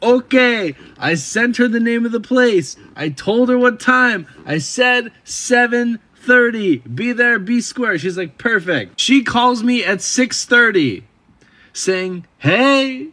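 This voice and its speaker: A young man telling a comic dating story with deadpan, wry asides. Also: extremely high pitch, slow.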